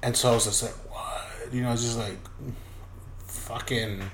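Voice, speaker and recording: A man's voice: mid-range voice, fairly even intonation, a little fast, a bit bright. A man telling a personal story in a casual, loose way, full of swearing, who acts out the voices of the people in it. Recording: roomy echoey room.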